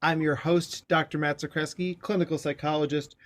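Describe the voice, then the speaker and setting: A man's voice: on the high side, flat delivery, fairly quick. A man hosting a podcast as a clinical psychologist, in casual interview talk, playful and joking with rambling asides.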